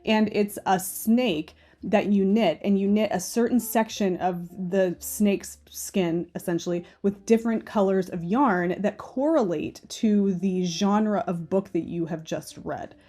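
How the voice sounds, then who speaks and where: A woman's voice: mid-range voice, measured pace, mellow. A woman hosting a knitting channel, chatting casually with a stuffy nose and thinking aloud as she goes. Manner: chatty, thinks aloud, changes her mind. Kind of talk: casual chat.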